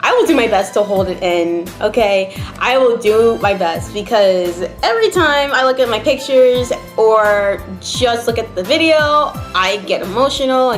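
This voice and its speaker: A woman's voice: fairly high pitch, expressive, measured pace, hardly any pauses. Emotional young woman vlogging, echoey room. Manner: chatty, emotional, many fillers, near tears. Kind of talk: casual storytelling to camera. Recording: echoey room, faint background music.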